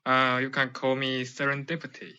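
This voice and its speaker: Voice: medium pitch, monotone, normal speed, sharp tone, clear, resonant tone. A caller from China on a livestream, asking questions hesitantly with many fillers, heard over muffled call audio.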